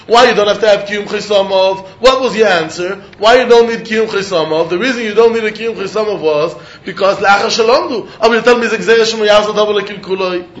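Animated male Talmud teacher, echoey. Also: high-pitched. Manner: animated sing-song study chant, questioning and answering himself. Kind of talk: Talmud lecture in Yeshivish English. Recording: dull echoey room recording.

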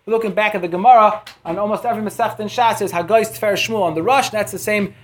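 A man's voice: high voice, quick pace, a little hiss or hum. A man teaching a Torah class, working through printed sources, reading Hebrew quotes and translating them, with frequent restarts. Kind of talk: text-based Torah lecture.

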